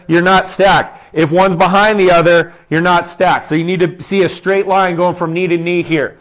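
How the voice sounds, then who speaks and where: A young man, a fitness coach, leading a guided exercise session, counting reps aloud and giving short, upbeat cues. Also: high voice. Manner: talks quietly to avoid shouting into the mic.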